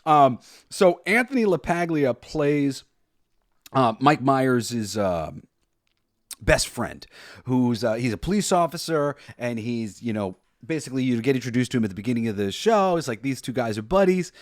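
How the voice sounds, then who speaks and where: A man's voice: medium pitch, very animated, normal speed, no echo, studio quality. A young man hosting a casual solo podcast about a film, rambling and enthusiastic, with many restarts and frequent laughs. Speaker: podcast host.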